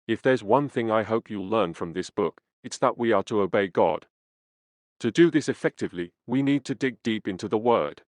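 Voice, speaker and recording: Male audiobook reader with a low voice, reading a first-person memoir in a measured, earnest way. The recording is dry and close, with no room sound. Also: animated, a little mellow, no room sound.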